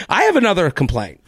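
A man hosting a solo comedy podcast, telling a story in an animated way and acting out both sides of each exchange. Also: fairly high pitch, creaky, no echo. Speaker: podcast host.

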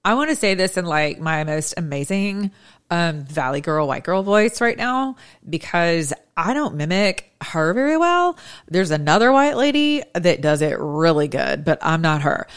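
Low-pitched lady doing sarcastic news commentary, chatty, laughs a lot. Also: big pitch swings, unhurried, clear, resonant tone. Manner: chatty, sarcastic, laughs at her own jokes. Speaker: commentary show host. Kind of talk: casual political commentary while scrolling news.

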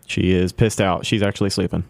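A man's voice: sits low, fairly even intonation, a little fast, creaky, darkish tone, dry recording. A man on a radio show's crew, chatting casually in a plain, matter-of-fact way. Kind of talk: casual chat.

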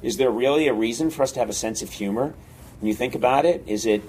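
A man's voice: medium pitch, fast talker, a little hiss or hum. Male interview guest, comedy writer, chatty, loose, rambling storyteller. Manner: animated, rambling, laughs often.

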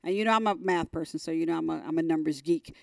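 A middle-aged woman, a team executive on a podcast, telling a personal story in a candid, emphatic way, her voice climbing high as she retells moments. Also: fast talker, vocal fry, no echo, studio quality.

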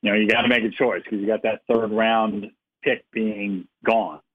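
A man's voice: on the low side, level tone, normal speed, slightly rough. A man co-hosting a sports podcast by phone, rambling with many fillers and restarts. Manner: rambling, full of "you know" and restarts. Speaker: sports podcast co-host calling in. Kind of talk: casual sports podcast chat. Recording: tinny phone line.

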